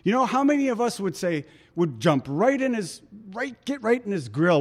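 Male preacher, chatty sermon delivery, acts out the quotes, voice a bit high. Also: very animated, normal speed. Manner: conversational, dramatic quoting of voices.

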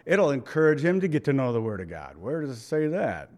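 A man's voice: mid-range voice, very animated, brisk, a little mellow. Folksy joking male pastor preaching. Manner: folksy, joking asides with chuckles. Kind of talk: sermon.

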